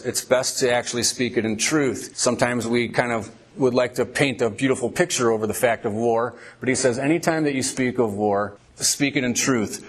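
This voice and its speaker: Emphatic male preacher reading scripture. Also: medium pitch. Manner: emphatic, vivid storytelling with drawn-out words.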